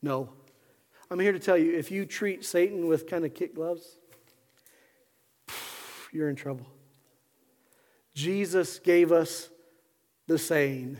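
A man preaching a sermon as pastor, moving between hushed, slow passages and loud, fiery ones. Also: a little high. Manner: impassioned preacher, swings from hushed to shouting. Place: church sanctuary. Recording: long hall reverb.

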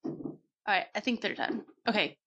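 A woman co-hosting a casual podcast at home on a good microphone, chatty and quick with self-mocking jokes. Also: medium pitch, a bit bright, husky, lo-fi sound. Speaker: podcast co-host. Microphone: quality home microphone.

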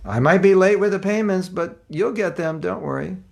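A man's voice: sits high, normal speed, vocal fry, darkish tone, pitched above the performer's own voice. A man voicing a soothing, reassuring deity. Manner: soothing, comforting, patient. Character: reassuring male deity, calm and fatherly.

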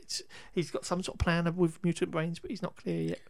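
A man talking through a film plot in casual podcast chat. He rambles, restarts his sentences and laughs a lot. His voice sits a bit high, and the sound is dry and close with no room echo. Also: completely flat delivery, fairly quick, gravelly. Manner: rambling, self-correcting, laughs often. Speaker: podcast co-host recapping a film.

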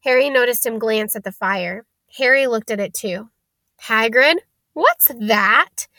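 Bright-voiced woman reading a story. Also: on the high side, moderate pace, vocal fry, no room sound. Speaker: narrator. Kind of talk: storybook read-aloud.

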